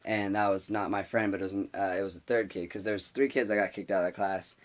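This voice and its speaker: A man's voice: fairly low pitch, steady tone, quick pace. Rambling young guy telling a school story. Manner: rambling, exasperated, lots of fillers. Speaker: vlogger. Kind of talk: casual storytelling to camera.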